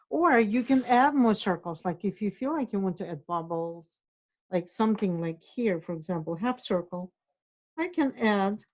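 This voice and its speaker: A woman guides a drawing lesson, encouraging her students as she draws. Her voice is mellow and warm. The recording sounds somewhat dull. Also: medium pitch. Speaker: art instructor.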